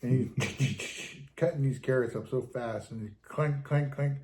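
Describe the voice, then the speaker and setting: A man at a mid-range pitch tells station stories with animation, jumping into the voices of the people in them. His voice sounds roomy, with noticeable echo off the walls. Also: measured pace, a little mellow. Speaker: podcast co-host, former fire captain. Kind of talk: casual storytelling chat. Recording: roomy, echoey room sound.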